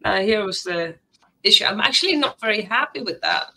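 A woman who is a guest artist on a casual livestream chat, talking candidly and self-deprecatingly with halting phrasing. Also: mid-range voice, lively intonation, bright, forceful tone, low-quality recording.

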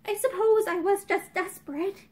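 A woman's voice: very high-pitched, normal speed, a little mellow. A woman voicing a weary, guarded young woman of little means who speaks tiredly and with distress.

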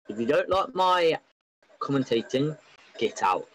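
A man giving excitable, rambling, openly biased live commentary on an online football match. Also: mid-range voice, normal speed, no echo, low-quality recording.

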